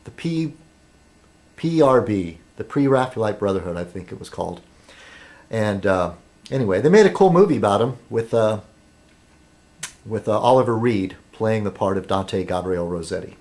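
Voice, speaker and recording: A man's voice: lowish voice, animated, moderate pace, pauses often, darkish tone. An American man rambling through a casual vlog monologue, full of ums and self-deprecating asides, chewing food as he talks. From United States. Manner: meandering, filler-heavy, self-deprecating. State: talking while eating. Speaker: vlog host.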